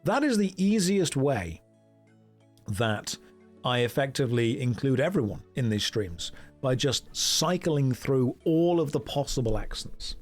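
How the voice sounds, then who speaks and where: A man's voice: medium pitch, very animated, a little slow. Chatty streamer guy joking over a game, bouncy upbeat voice, little music behind. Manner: joking, chatty, reads chat aloud. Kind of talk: casual gameplay commentary.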